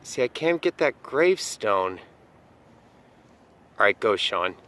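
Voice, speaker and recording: A man with a lowish, slightly bright voice speaks slowly, his pitch swinging widely. He's hosting a ghost-hunting vlog at night in an outdoor cemetery, talking into a handheld camera mic, exclaiming often and repeating short phrases.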